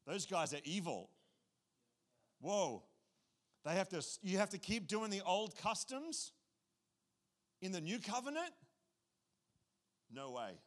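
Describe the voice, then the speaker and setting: A man's voice: high-pitched, big pitch swings, takes it slowly, long pauses, exaggerated voice. A man voicing the apostle Paul as an indignant, emphatic man who exclaims in disbelief. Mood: alarmed. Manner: exclaiming, incredulous.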